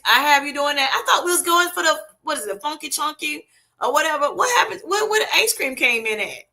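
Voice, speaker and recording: A woman hosts a casual livestream, reading viewer comments and chatting back. Her voice is bright and a little high. She laughs often and keeps it loose and friendly. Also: sing-song, brisk. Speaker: livestream host reading chat. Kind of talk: casual live chat.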